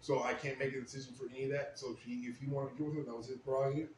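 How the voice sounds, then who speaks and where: Fast-talking profane young man, roomy echo. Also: medium pitch. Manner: profane, animated storytelling, shouts when quoting himself. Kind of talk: casual podcast chat, storytelling. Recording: roomy echo, faint ambient noise.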